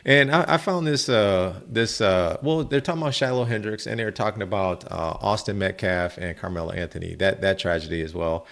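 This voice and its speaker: Chill guy doing a reaction vid, low gravelly voice, keeps saying man. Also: fairly quick, hardly any pauses, fairly bright tone. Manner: laid-back, says "man" often, laughs between points. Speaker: reaction video host. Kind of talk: casual reaction commentary.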